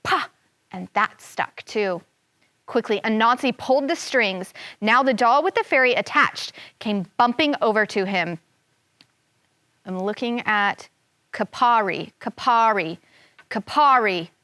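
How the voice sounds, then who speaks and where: A woman's voice: on the high side, expressive, measured pace, bright, forceful tone, no room sound. A woman teacher reading a folk tale aloud to children, stopping to explain words and voicing the sound effects with expression. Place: classroom studio.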